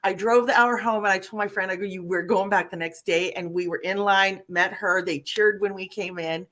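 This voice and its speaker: A woman hosting a live online chat, telling stories in an animated, chatty way. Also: medium pitch, moderate pace. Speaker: livestream host. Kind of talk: casual chat.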